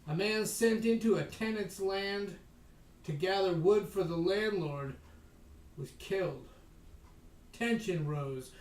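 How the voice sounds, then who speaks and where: A man reading a history book aloud as a podcast host, slowing down for emphasis and breaking off for wry asides. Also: high-pitched, a little mellow. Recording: echoey room, voice distant from mic.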